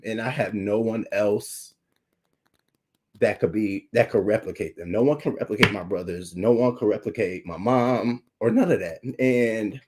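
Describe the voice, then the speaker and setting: A man's voice: lowish voice, darkish tone. A young adult man hosting a livestream, talking candidly and emotionally to his chat, holding back tears and thanking viewers by name. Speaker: YouTube livestream host.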